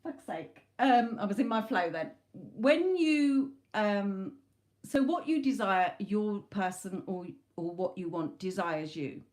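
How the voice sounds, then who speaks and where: A woman's voice: medium pitch, expressive, takes it slowly, darkish tone. Chatty woman giving a tarot talk. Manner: chatty, emphatic, swears casually. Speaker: tarot reader. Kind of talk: live-stream spiritual talk.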